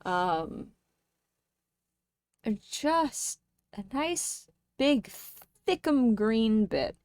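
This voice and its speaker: A young woman streamer chatting casually with her viewers, playful and joking, with sudden loud bursts. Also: on the high side, very animated, drawn-out words, dry recording, clean studio sound. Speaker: live streamer.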